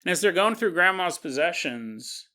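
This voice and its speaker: Bright-voiced joking podcast storyteller man. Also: sits high, very animated, moderate pace. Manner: joking asides, chuckling tangents. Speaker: podcast host. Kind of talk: casual storytelling narration.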